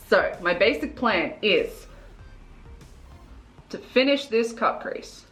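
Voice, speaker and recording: A young woman talking straight to camera as she does her makeup, in an average-pitched voice. She rambles in a chaotic, earnest way, full of fillers and little restarts. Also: fairly bright tone. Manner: earnest and self-reflective. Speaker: beauty vlogger. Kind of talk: casual confessional chat while doing makeup.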